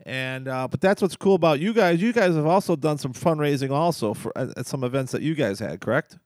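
A man's voice: fairly high pitch, lively intonation, a little fast, a little mellow, no echo. A man hosting a casual fan podcast with a chatty, easygoing delivery. His voice sounds dry and close to the mic. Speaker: podcast host.

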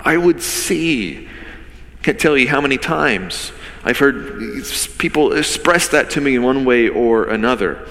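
A man's voice: medium pitch, normal speed, a bit bright. A man, a pastor, giving a conversational sermon with vivid storytelling and rhetorical questions. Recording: long reverb of a large hall.

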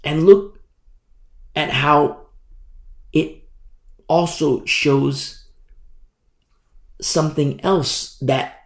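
A man's voice: fairly high pitch, drawn-out words, long pauses, reverberant. A man preaching a Bible sermon in an emphatic, rhetorical way, often asking "you see?".

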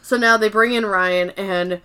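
A woman's voice: mid-range voice, fairly even intonation, measured pace, bright, forceful tone, smooth. A woman co-hosting a podcast, recapping TV episodes in casual chat. She swears freely, fills her talk with "like" and acts out the characters' lines in put-on voices. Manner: chatty, swears freely, many fillers like "like". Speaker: podcast co-host.

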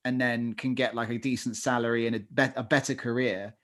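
A man's voice: medium pitch, flat delivery, brisk, a bit bright. Chatty man, casual podcast talk. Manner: chatty, hedging with fillers and self-corrections. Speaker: podcast co-host. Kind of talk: casual chat.

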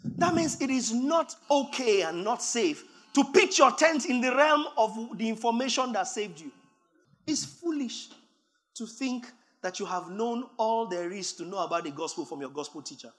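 A man preaching a sermon, reading scripture aloud and building from calm teaching to emphatic shouting. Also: very high voice, moderate pace.

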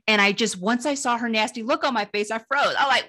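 Ożywiona, jasna kobieta opowiadająca anegdoty. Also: female voice, fast, hardly any pauses. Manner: lively, laughing, jumps up in pitch when telling funny bits. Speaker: guest, humor writer. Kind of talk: animated storytelling in an interview.

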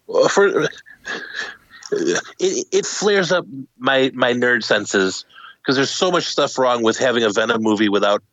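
A male podcast co-host speaks eagerly, with the opinionated energy of a comic-book nerd. His voice sits at an average pitch. The sound is dry and close to the mic. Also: expressive, a little slow, a bit bright, no room sound, rough recording. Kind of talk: casual podcast chat.

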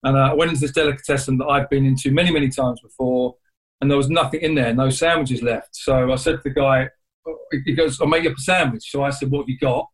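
A male guest recounts a painful story conversationally, rambling and halting with many restarted sentences. His voice sits at medium pitch with fairly even intonation, and the recording is rough.

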